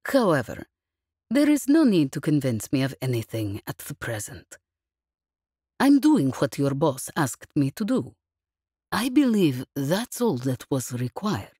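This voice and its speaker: A woman narrator voicing a cool, dangerous woman who speaks with measured, mocking calm in an audiobook. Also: sits low, husky, no room sound, clean studio sound, exaggerated voice. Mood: calm menace. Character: cool, dangerous woman captive, calmly menacing. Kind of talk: audiobook character reading.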